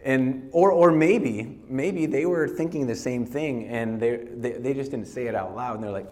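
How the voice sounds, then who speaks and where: A male pastor gives a relaxed, conversational sermon. He often chuckles and restarts his sentences. His voice sits at an ordinary middle pitch. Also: normal speed, few pauses.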